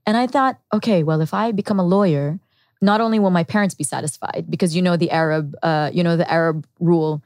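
A woman's voice: fairly low pitch, quick pace, a little mellow, no room sound, studio quality. Earnest woman telling her life story. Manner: earnest and reflective, with quoted inner thoughts. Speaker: podcast guest. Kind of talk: candid personal storytelling.

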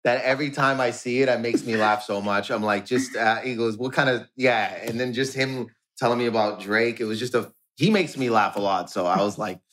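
A man, a comedian guest, telling family anecdotes in animated fashion and laughing often between lines. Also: mid-range voice, brisk, few pauses, slight background noise. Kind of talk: animated storytelling.

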